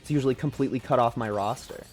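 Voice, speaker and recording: A man's voice: medium pitch, very fast, darkish tone, soft background music. Rambling man streaming a game. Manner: rambling, self-deprecating, sweary. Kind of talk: casual gaming commentary. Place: at home.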